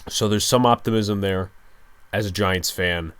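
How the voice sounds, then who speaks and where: A man's voice: a little slow, smooth, dry recording. Young male podcast host, keeping his voice down, weary and let down. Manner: speaking low and hushed, late at night; resigned, frustrated fan rant. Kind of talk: solo sports podcast monologue.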